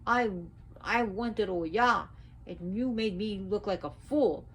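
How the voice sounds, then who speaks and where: A woman's voice: medium pitch, takes it slowly, breathy edge, pitched above the performer's own voice, rough recording. A woman voicing a proud male thunder god who blusters when he is wronged. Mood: angry.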